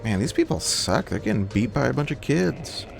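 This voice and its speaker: A man's voice: medium pitch, sing-song, normal speed, gravelly, soft background music. A man casually commenting on his gameplay with joking, self-mocking asides. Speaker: let's-player. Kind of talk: casual gameplay commentary reading dialogue aloud.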